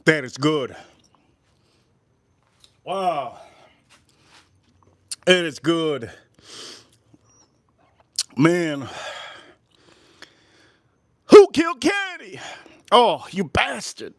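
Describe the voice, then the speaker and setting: A man in his forties hosts a casual livestream, his voice sitting a little high for a man. He rambles from one joke to the next and calls out to his chat in a loud, playful way. The sound is close and dry, with almost no room around it. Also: no room sound. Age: 40s. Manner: loud, joking, rambling, talks straight to the chat. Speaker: livestream host.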